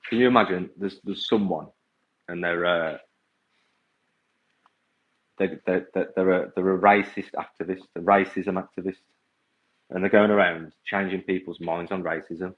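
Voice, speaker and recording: Blunt low-voiced man on tinny audio. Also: fairly even intonation, moderate pace, pauses often. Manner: blunt, exasperated, repeats himself. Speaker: vegan coach and activist. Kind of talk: livestream rant to viewers.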